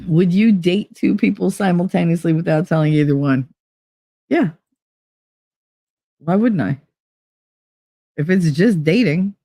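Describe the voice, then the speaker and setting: A woman's voice: lowish voice, measured pace, pauses often, dark tone, no echo. Blunt, foul-mouthed young woman streamer. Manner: blunt, profane and joking. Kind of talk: casual chat reading online quizzes aloud.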